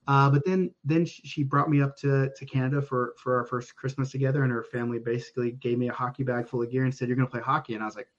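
A man's voice: mid-range voice, fairly even intonation, fast talker, hardly any pauses, dull audio. A man from Oklahoma, a podcast guest telling stories casually, rambling with many restarts and casual swearing. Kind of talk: casual storytelling.

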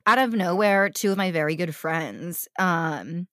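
A woman's voice: lowish voice, measured pace, fairly bright tone, no room sound, clean studio sound. A young woman co-hosting a podcast, bubbly and teasing, laughing often. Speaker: podcast co-host. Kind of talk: casual chat.

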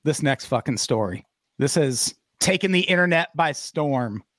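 A man's voice: on the high side, lively intonation, unhurried, fairly bright tone, no echo, clean studio sound. Profane, sarcastic male podcast host. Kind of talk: casual podcast banter.

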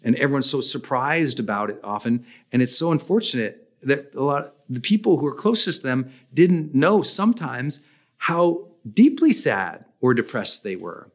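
A man's voice: medium pitch, sing-song, moderate pace. A man hosting a podcast, giving motivational talk with emphatic stress that jumps up on key points. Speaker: podcast host.

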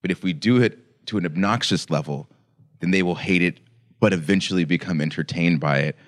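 Deep-voiced man in easy chat. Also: a little fast. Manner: animated storyteller who acts out quotes. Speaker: podcast co-host. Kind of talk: casual chat.

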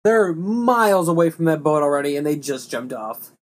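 A man's voice: a little high, lively intonation, moderate pace. A young man co-hosting a casual podcast, teasing his friend and laughing as they mock a movie. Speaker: podcast co-host.

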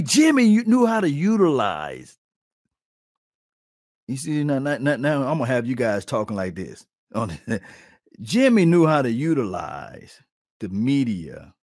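A man hosting a sports talk channel, chatting live with viewers in an animated, folksy way. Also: fairly low pitch, no echo, clean studio sound. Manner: animated, folksy, addresses the audience directly.

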